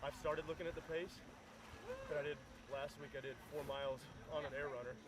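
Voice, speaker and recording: A man chatting casually with the coach at his gym, loose and relaxed, with plenty of fillers. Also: a little high, brisk, slightly rough. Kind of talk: casual chat.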